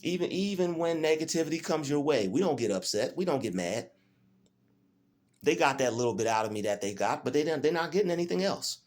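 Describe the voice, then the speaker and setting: A man's voice: on the high side, lively intonation, a little fast, a little mellow. A man, filming a defiant, preachy rant in a small room, repeating his phrases over and over. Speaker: vlogger. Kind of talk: emotional self-filmed rant. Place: small rented room indoors.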